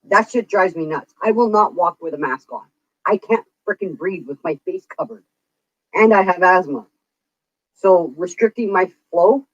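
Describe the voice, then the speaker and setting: A woman's voice: fairly low pitch, no echo. A woman vlogger venting in casual chat, swearing freely as she rants. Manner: profane, venting rant. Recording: dull, dry lo-fi recording.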